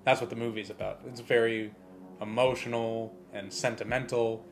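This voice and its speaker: A man co-hosting a podcast, telling movie stories in a profane, rambling, animated way. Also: medium pitch, moderate pace, slight background noise. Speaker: podcast co-host. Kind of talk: casual chat.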